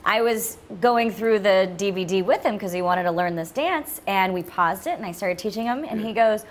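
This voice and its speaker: A woman's voice: medium pitch, moderate pace, a little hiss or hum. A woman talking as a podcast guest in casual chat, acting out her own thoughts in a lifted voice and laughing often. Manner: laughs often, many fillers like "like".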